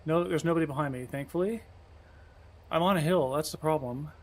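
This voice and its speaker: A man's voice: fairly high pitch, fairly quick. A man streaming a truck game, chatting casually and rambling, often chiding himself as he plays. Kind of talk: casual live-stream commentary.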